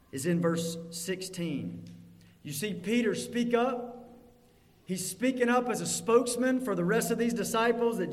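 Man, pastor preaching, high-pitched, emphatic, reverberant sanctuary. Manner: emphatic, rising to fervent peaks then dropping low. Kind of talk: sermon. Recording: long hall reverb.

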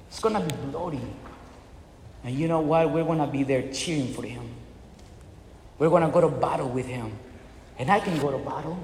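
A man's voice: on the high side, a little mellow, a little hiss or hum. A man preaching a sermon with impassioned, dramatic storytelling in a church hall. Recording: echoey hall with long reverb.

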